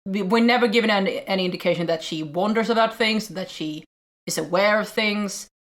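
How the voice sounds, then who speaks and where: A woman's voice: medium pitch, a little fast. A woman on a casual podcast recaps a film scene by scene. She stumbles and restarts often and mimics the characters as she goes. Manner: animated recapping with frequent restarts and acted-out quotes. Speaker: podcast co-host. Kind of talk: casual film review chat.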